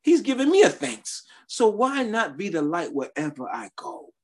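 A man's voice: high-pitched, very animated, moderate pace. Man preaching a personal testimony. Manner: testimonial, conversational preaching with emphatic rises. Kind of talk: sermon.

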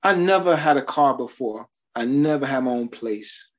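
A man's voice: mid-range voice, animated, moderate pace. A man preaching a sermon, sharing his testimony in a conversational style with emphatic rises.

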